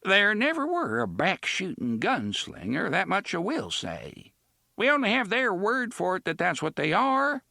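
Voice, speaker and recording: A man's voice: sits high, huge pitch swings, measured pace, creaky, bright, forceful tone, no room sound, studio quality, voice pushed up, heavily acted. A man reading aloud, voicing a frightened, grave old woman who gives solemn warnings in old-fashioned speech.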